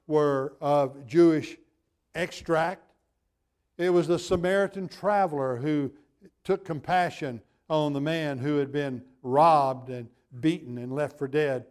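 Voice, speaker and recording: A man's voice: fairly high pitch, darkish tone, clean tone. A man preaching a sermon as pastor, building his points through emphatic repetition.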